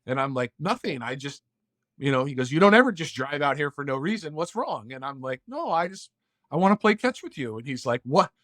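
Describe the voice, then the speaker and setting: A man's voice: fairly high pitch, sing-song, fairly quick, fairly bright tone, no echo, clean studio sound. A man as a podcast guest, telling a personal story in an earnest, heartfelt way and acting out bits of dialogue. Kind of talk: casual interview storytelling.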